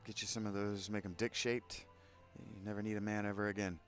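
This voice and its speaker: A man's voice: fairly low pitch, level tone, brisk, faint music behind. A man playing through a video game, chatting and cracking crude, self-mocking jokes. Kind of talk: casual let's-play commentary.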